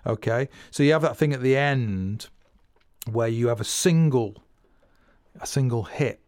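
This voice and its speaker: A man's voice: medium pitch, measured pace, music in the background. A man hosting a casual spoken drumming lesson, rambling and correcting himself as he explains. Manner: rambling, restarts phrases and self-corrects; counts beats and vocalizes drum patterns. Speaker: drum teacher and podcast host.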